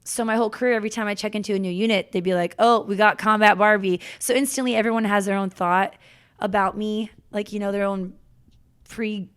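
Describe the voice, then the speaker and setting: A young woman, a podcast guest, telling her story in a chatty, animated way, full of "like" and restarts. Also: medium pitch, fast talker, clear, resonant tone. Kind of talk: casual interview storytelling.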